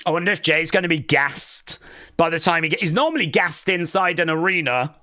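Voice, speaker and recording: A host reacting live and excitedly during a stream, chatting, shouting and laughing between remarks. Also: medium pitch, normal speed.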